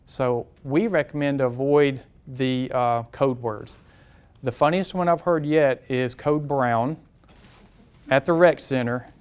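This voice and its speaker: Direct, smooth-voiced police safety trainer. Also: male voice, mid-range voice, steady tone, takes it slowly, a little mellow. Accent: Southern US. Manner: direct and conversational, repeats points, asks the audience questions. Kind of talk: live safety seminar talk. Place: classroom lecture room.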